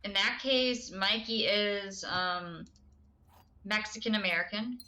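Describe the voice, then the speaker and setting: A woman's voice: mid-range voice, steady tone, slow pace, bright, forceful tone. A woman streaming a game live, chatting casually with her viewers and giggling often. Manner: chatty, giggly, answers chat.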